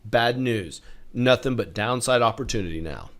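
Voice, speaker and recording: A man hosting a market review, talking through charts in a punchy, repetitive way, getting loud on key points and dropping quiet on warnings. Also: medium pitch, expressive, normal speed. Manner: emphatic, repeats words, swings loud and soft. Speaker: market analyst host. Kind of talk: chart review talk to camera.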